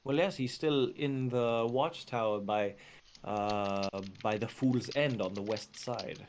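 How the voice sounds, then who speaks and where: A courteous, tired butler of a grand manor speaks in slow, carefully shaped words, as a man voices him. His tone stays formal and measured throughout. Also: medium pitch, slight background noise, natural voice. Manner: careful, clearly enunciated formal speech. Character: polite weary male butler of a manor.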